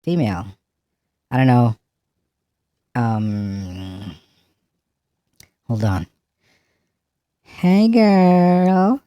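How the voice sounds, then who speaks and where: A man's voice: mid-range voice, animated, drawn-out words, long pauses, dark tone, smooth, dry recording, lo-fi sound, pitched above the performer's own voice. A man talking through a female voice-changer preset, playful and joking as he tests it. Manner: playful, laughing, trying out the effect.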